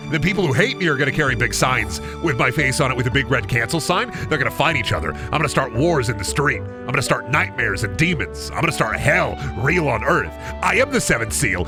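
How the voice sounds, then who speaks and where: A male streamer with a lively voice that leaps up and down in pitch, swearing his way through rambling, mock-dramatic rants. Game music plays clearly behind him as he talks to his chat. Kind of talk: casual gameplay commentary.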